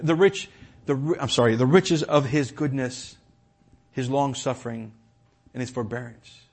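A man preaching a sermon in a church, stumbling and repeating words as he drives his points home, then dropping to a quiet tone. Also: on the high side, moderate pace. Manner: impassioned, repeats words, swings from loud emphasis to quiet.

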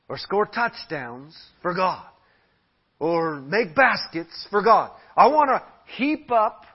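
Animated, husky-voiced male preacher. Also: high-pitched. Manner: animated, emphatic preaching with stretched slow phrases. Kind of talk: sermon. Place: church hall. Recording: dull lo-fi church audio.

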